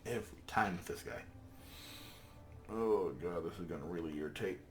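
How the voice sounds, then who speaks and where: A man's voice: sits low, moderate pace, slight background noise. A man doing gameplay commentary, exasperated and swearing as he pleads with game characters. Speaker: let's play host.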